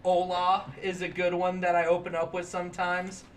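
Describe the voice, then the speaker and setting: A young man co-hosting a podcast in casual chat, joking and breaking into shouts and laughter. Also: sits high, completely flat delivery, moderate pace, distant mic, slight background noise. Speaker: podcast co-host.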